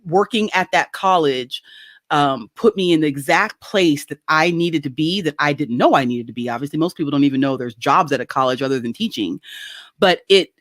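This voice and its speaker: A woman telling a story in casual chat, recorded dry and close on a video call. She talks animatedly, laughs often and swings her pitch widely as she acts out quoted voices. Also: a little fast, fairly bright tone, no room sound. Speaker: guest.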